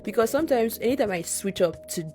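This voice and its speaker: A woman's voice: fairly high pitch, lively intonation, quick pace, warm tone, soft background music. A young adult Nigerian woman co-hosting a podcast, speaking in an earnest, reflective way with frequent restarts. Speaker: podcast co-host. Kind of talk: casual podcast chat.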